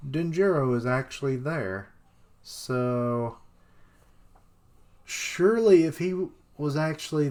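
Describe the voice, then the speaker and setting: A man's voice: mid-range voice, darkish tone. A young man on a live stream reacting casually to a comic chapter, reading dialogue aloud and swearing now and then.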